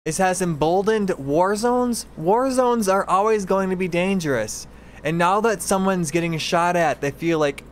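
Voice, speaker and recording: A man's voice: high-pitched, expressive, unhurried. A man ranting incredulously and sarcastically while reacting to news clips, exasperated and mocking.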